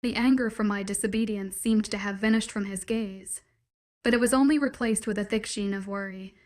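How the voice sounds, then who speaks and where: A woman narrating a first-person fantasy story with a measured, dramatic delivery. Her voice sits at an everyday mid pitch. She reads like a steady storyteller. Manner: measured, dramatic inner monologue.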